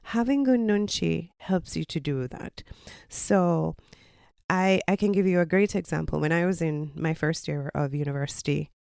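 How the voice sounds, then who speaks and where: A woman's voice: deep voice, moderate pace, gravelly, a little mellow, clear, resonant tone, no echo, clean studio sound. A Jamaican woman, a podcast host and college lecturer, giving casual advice in an explanatory, teacherly way. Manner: explanatory, teacherly, with personal anecdotes.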